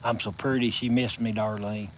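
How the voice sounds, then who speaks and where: A man with a Southern US accent hosting a casual live stream from his phone, telling stories in a folksy, drawn-out way. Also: lowish voice, flat delivery, a little hiss or hum, poor audio. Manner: folksy, drawn-out storytelling with chuckles.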